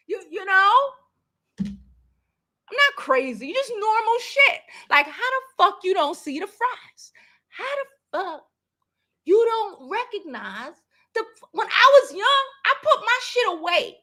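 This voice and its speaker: A woman's voice: extremely high pitch, big pitch swings, slow, bright, forceful tone. A woman hosting a casual vlog from her apartment, telling stories with laughter and swearing, and reacting to her viewers. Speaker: vlogger host. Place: apartment in a large city.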